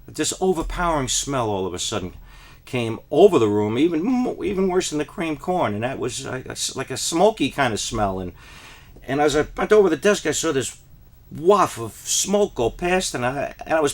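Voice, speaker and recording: A man from New Jersey telling a deadpan parody monologue, rambling and then rising into frantic, high-pitched pleas. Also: moderate pace. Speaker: comic storyteller.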